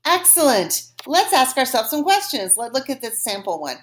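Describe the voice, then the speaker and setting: A woman teaching a French lesson, modeling phrases slowly and clearly for students to repeat, patient and encouraging. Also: high-pitched, big pitch swings. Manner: slow, exaggerated modeling of phrases for repetition. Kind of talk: recorded language lesson.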